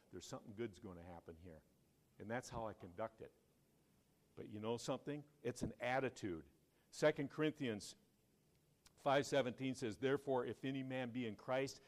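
Male preacher, mid-range voice; conversational sermon with call-outs and sudden loud emphasis. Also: mid-range voice. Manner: conversational storytelling, asks the congregation questions. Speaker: pastor.

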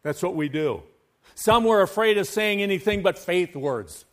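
Man, pastor, sermon, slightly high voice, fervent, hushed-to-loud swings, sing-song scripture reading. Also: expressive, moderate pace. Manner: impassioned preaching with swings between hushed and loud.

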